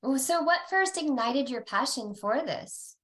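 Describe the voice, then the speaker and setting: A woman's voice: high-pitched, expressive, measured pace, fairly bright tone. Bubbly woman podcast host. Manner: upbeat and enthusiastic, laughs often. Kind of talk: podcast interview.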